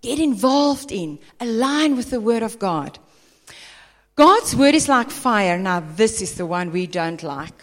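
A woman's voice: fairly high pitch, a little slow, in a large hall. Emphatic South African woman preaching. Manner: emphatic, animated, acts out people's voices. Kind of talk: sermon.

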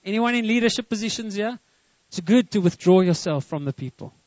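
A man preaches with a high voice, stopping often to put questions to his listeners. The recording is close and dry. It sounds a little muffled. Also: a little fast, no echo. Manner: lively, asks the congregation questions. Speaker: pastor. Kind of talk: sermon.

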